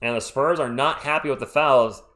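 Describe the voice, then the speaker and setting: On a live stream, a man calls the play-by-play at a moderate pace in a medium-pitched voice. He makes no secret of being a fan, sounding excitable and partisan, and keeps up a chatty back-and-forth with viewers through chat shout-outs.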